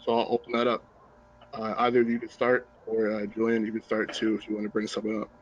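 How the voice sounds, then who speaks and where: A man's voice: on the low side, monotone, fast, muffled recording, a little hiss or hum. A young man hosting a student panel over a video call, introducing guests earnestly and politely. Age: young adult. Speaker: student host. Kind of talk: hosted panel talk.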